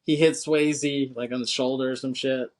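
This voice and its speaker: A man's voice: medium pitch, level tone, normal speed, a little mellow. A man co-hosting a podcast, chatting casually about a film in a laid-back, slangy way, swearing and laughing often. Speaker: podcast co-host.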